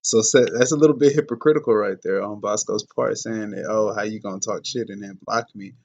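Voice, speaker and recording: A man from Dallas giving reaction commentary on a clip, measured and explanatory, with fillers and self-corrections. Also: fairly low pitch, creaky, darkish tone, highs cut off. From Dallas, Texas. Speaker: rapper reacting to a video.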